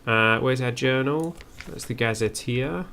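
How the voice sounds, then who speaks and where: A man's voice: medium pitch, a little slow, gravelly, sharp tone, slight background noise. A man giving first-play game commentary, musing aloud and reading on-screen text as he goes. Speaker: game streamer.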